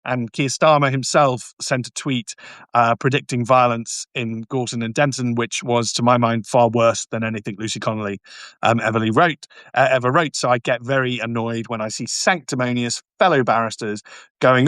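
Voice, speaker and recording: A man at a middle pitch holds forth on a live stream, emphatic and mocking, tripping over his words and restarting as he goes. The sound is dry and close, with no room around it. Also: fairly quick, fairly bright tone, no room sound. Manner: emphatic, repetitive, stumbles and restarts often; mocking, sarcastic asides. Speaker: barrister hosting a live stream. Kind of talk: live stream talk answering viewer comments.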